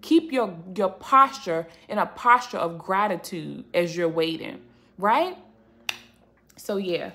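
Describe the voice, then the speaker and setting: A woman's voice: lowish voice, animated, slow, sharp tone. A woman giving a passionate devotional talk and prayer to her viewers, emphatic and repeating "right?" as she encourages them. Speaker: Christian faith YouTuber.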